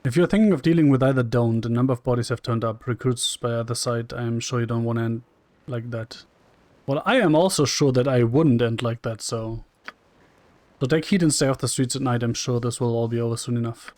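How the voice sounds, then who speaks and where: A man's voice: mid-range voice, a little fast, dry recording. A man casually commenting on a role-playing game, reading the dialogue aloud in a wry, chatty way. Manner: wry and chatty, reads lines flatly and jokes.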